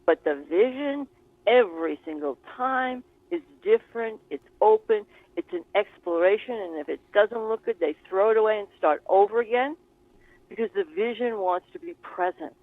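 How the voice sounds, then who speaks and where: A woman's voice: mid-range voice, normal speed, no room sound. A woman guest and spiritual author, explaining her ideas in an earnest, expansive conversational way, with plenty of examples. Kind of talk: conversational teaching. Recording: tinny phone-like call line.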